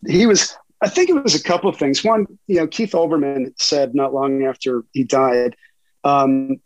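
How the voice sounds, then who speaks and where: Middle-aged man, guest reporter, lively storytelling, laughs often, dry close sound. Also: medium pitch, normal speed, no echo, low-quality recording. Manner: animated storyteller, laughs often, many fillers. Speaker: investigative sports reporter, guest. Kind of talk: casual interview storytelling.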